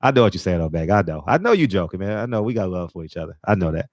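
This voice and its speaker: A man's voice: deep voice, big pitch swings, rapid-fire, no echo. A man hosting a casual live stream, rambling loosely between laughs and talking to his viewers on a phone. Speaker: live-stream show host.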